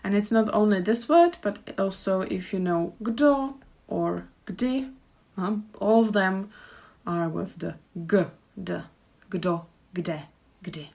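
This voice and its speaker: A woman with a Czech accent teaching pronunciation, speaking slowly and repeating each example phrase with care. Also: mid-range voice, creaky, a little mellow. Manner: slow, careful demonstrations with repeated example phrases. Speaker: language teacher. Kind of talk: pronunciation lesson. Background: birdsong and traffic outside.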